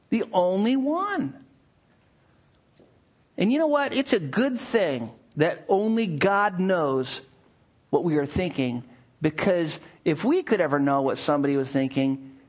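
Man preaching a sermon, voice bouncing all over, goes quiet then gets all excited, acting out bits. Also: sits high, breathy edge. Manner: animated, shifting between hushed asides and excited bursts; acts out little scenes with playful voices. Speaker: pastor.

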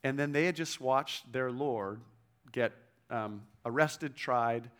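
A man's voice: medium pitch, takes it slowly, fairly bright tone. A man preaching a sermon in a conversational way, often checking in with the listeners and quoting scripture with emphasis. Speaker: pastor.

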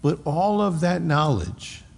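A man with a gravelly, fry-edged voice preaches a sermon, pressing his points hard and then dropping to a hushed tone. He unpacks scripture with everyday asides. His voice carries a long reverb from a large sanctuary. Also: fairly high pitch, animated, takes it slowly. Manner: emphatic preaching, swings from raised to hushed delivery; explains scripture with homely asides. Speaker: pastor. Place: church sanctuary.

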